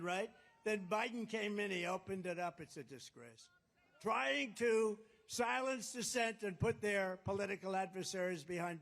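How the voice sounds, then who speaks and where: A man's voice: sits high, fairly bright tone. Rambling man giving a rally speech. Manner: rambling, boastful, repeats phrases. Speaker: political candidate. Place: rally at a golf resort.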